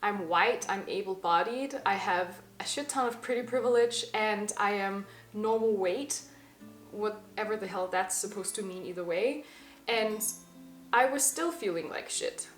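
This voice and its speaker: An earnest young woman in her twenties speaks straight to camera and leans into the words she wants to land. Her voice sits at an ordinary middle pitch. It has a noticeable room echo, with soft music underneath. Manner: earnest and emphatic, slowing on key words. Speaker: vlogger. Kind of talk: reflective personal monologue. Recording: slightly echoey room with faint music.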